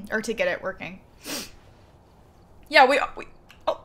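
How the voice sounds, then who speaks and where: A woman's voice: mid-range voice, expressive, measured pace. A woman streamer chatting playfully with friends while gaming, laughing often. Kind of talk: casual chat while gaming.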